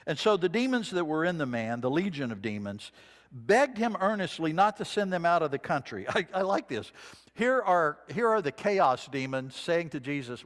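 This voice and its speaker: Male preacher, fairly high voice, dramatic scripture reading, echoing sanctuary. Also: big pitch swings, moderate pace. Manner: dramatic scripture reading, dropping to a hush for quoted lines. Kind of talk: sermon. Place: church sanctuary. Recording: long reverb of a church sanctuary.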